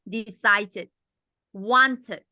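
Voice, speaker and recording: Bright teacherly woman. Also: mid-range voice, no room sound, muffled recording. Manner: patient, teacherly, drills sounds slowly for the group. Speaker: club president giving a language evaluation. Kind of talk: explaining grammar and pronunciation at a club meeting.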